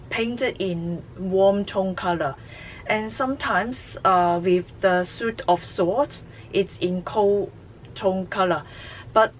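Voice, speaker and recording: Slow, halting woman reviewing a tarot deck. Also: mid-range voice, slight background noise, rough recording. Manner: halting, many fillers. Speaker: tarot channel host.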